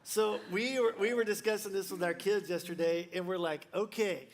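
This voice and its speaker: A man's voice: high-pitched, fairly even intonation, moderate pace. A male pastor preaching a sermon in a casual, joking way, full of fillers and restarts.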